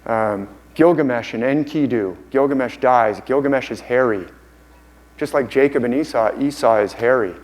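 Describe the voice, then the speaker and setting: Male conference speaker, mid-pitched, enthusiastic, quick to rephrase. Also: darkish tone, rough recording. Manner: enthusiastic, repeats and restarts phrases. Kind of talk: conference lecture. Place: conference hall.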